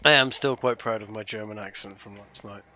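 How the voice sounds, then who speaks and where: A man's voice: on the low side, brisk, bright, forceful tone. A man, hosting a casual game playthrough with joking, swearing banter. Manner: joking, swearing, self-mocking. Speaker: gaming host. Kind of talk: casual let's-play chat. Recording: dull lo-fi mic.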